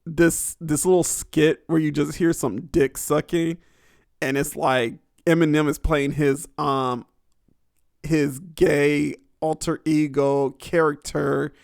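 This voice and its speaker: Crude, laughing young man with a higher voice. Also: flat delivery, takes it slowly, vocal fry, dry recording, clean studio sound. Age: young adult. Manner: crude, rambling, laughs often. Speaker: podcast host. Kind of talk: casual podcast monologue.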